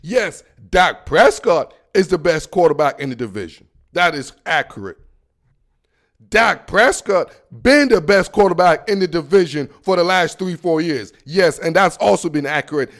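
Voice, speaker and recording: Brief: male sports podcast host, high pitch, animated slangy rant. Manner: animated, slangy, keeps saying "dog".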